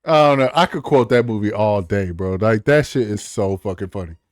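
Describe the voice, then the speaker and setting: A man co-hosting a podcast in casual chat, animated, swearing a lot and acting out movie lines between laughs. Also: lowish voice, brisk, no echo, studio quality. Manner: heavy profanity. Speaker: podcast co-host.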